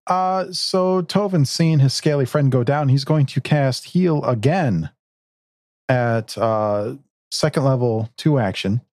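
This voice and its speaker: A man playing a tabletop game, easygoing and quick to chuckle. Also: medium pitch, a little mellow, no room sound, clean studio sound. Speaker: player. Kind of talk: casual tabletop game play.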